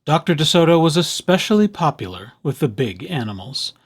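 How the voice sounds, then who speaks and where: Animated man reading a picture book. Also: on the high side, fairly quick, slightly rough. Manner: expressive, animated storytelling. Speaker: storyteller. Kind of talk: children's picture book read-aloud.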